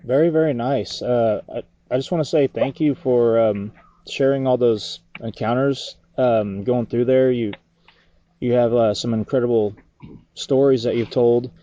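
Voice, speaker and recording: A man interviewing a guest, asking questions in a halting way with many fillers. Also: mid-range voice, fairly even intonation, dark tone, no echo, highs cut off. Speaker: podcast interviewer.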